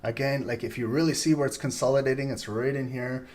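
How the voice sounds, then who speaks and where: Guy in his 30s doing casual live trading commentary, rambly, mid-pitched voice. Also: fairly even intonation, quick pace, a little mellow. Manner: rambling, chatty, frequent laughter. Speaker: trading stream host.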